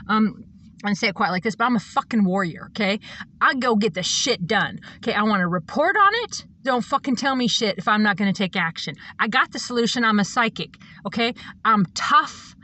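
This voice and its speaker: A woman's voice: on the high side, sharp tone, a little hiss or hum. A woman who calls herself a psychic, delivering a blunt, profanity-filled rambling monologue. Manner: blunt, profane, emphatic ranting. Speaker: self-described psychic and reverend.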